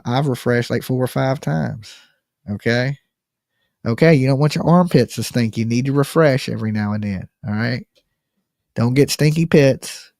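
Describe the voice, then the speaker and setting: A man's voice: mid-range voice, a little mellow, dry recording, studio quality. A man hosting a live call-in stream, joking and slangy, talking casually straight to his viewers. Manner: joking, slangy, talks to the chat. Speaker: live call-in show host. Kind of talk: casual livestream chat.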